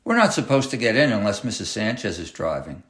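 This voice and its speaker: A man's voice: fairly low pitch, very animated, a little fast, fairly bright tone. A man voicing a timid eight-year-old girl who stammers and hesitates. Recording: roomy echoey room.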